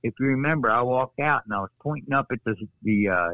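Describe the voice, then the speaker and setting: A man, a former wrestler, telling stories on a podcast in a casual, animated way, acting out quotes. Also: fast talker, no echo, narrow, tinny audio. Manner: animated, acts out quotes with raised pitch. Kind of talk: casual storytelling.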